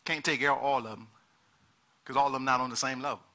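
A man preaching a sermon in an animated way, repeating words and acting out the people he quotes. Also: mid-range voice, quick pace.

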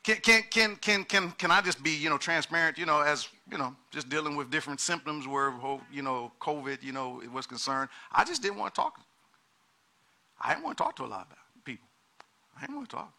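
A man delivering a sermon with a very bright, cutting tone. His voice sits a little high for a man. He talks in an animated way, stacks up repeated words and acts out the people in his story. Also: fairly quick. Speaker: preacher.

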